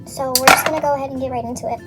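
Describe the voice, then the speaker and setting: A woman's voice: high voice, fairly even intonation, very fast, over music. A young woman vlogger casually retelling a story from memory while getting ready, rambling, swearing a lot and saying "like" constantly.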